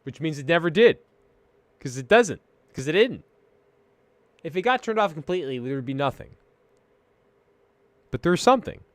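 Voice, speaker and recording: A man chatting casually as host, rambling and swearing as he muses, drifting between mumbles and loud rants. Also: on the high side, big pitch swings, moderate pace, pauses often, no room sound. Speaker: streamer host. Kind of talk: casual stoned-sounding philosophical chat.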